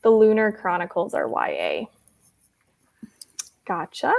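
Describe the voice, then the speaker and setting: Her voice is lowish, creaky and darkish, swooping wildly in pitch as she takes things slowly. She's a young woman reading live chat on a casual stream, chatty and giggly, rambling with lots of "like"s.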